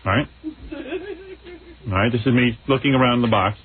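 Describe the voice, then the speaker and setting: A man's voice: mid-range voice, moderate pace. Wisecracking male radio host on tinny broadcast. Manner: wisecracking, mocking. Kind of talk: radio talk show banter.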